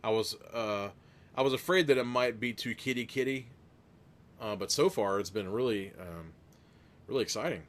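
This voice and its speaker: A man's voice: medium pitch, moderate pace. A young man hosting a live gamebook session, reading aloud and chatting casually, laughing often and swearing now and then. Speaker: host and narrator of a gamebook played live with chat votes.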